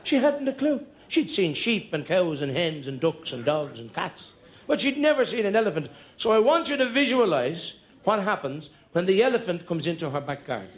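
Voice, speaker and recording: A man's voice: high-pitched, big pitch swings, moderate pace. Irish male comedian, chatty storyteller. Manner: chatty, conspiratorial, building jokes with repetition. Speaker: stand-up comedian. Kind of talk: live stand-up storytelling.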